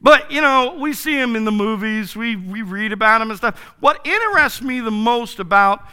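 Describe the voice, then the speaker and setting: Emphatic preacher, high and animated. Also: male voice, moderate pace, clear, resonant tone. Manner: emphatic, rising to shouted commands. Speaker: pastor. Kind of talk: sermon. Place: church sanctuary.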